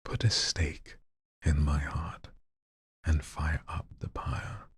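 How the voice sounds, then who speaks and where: A man hosting a live show, reading submitted poems in a soft near-whisper and chatting loosely between them. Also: a bass voice, little pitch movement, slow, no room sound, clean studio sound. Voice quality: husky, breathy. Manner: reads softly in a near-whisper, then chats loosely with slang. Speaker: host reading listener submissions. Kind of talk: live poetry reading with casual commentary.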